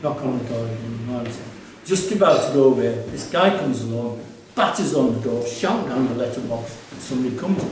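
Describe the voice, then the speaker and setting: A man's voice: medium pitch, expressive, brisk, hardly any pauses, a little mellow, slight background noise. A man telling anecdotes about his life during a casual gallery talk, rambling with restarts and fillers. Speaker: artist and curator giving a gallery talk. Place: gallery exhibition space. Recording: echoey room from far off.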